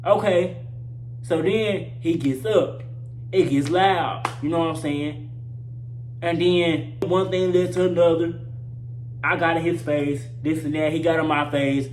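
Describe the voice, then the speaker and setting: Young male vlogger, loose profane storytelling, repeats himself for punch, slightly high voice, roomy echo. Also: steady tone, measured pace. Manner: profane, slangy, repeats lines for emphasis. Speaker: vlogger telling a personal story. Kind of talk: casual storytime monologue. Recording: roomy echo with faint hum.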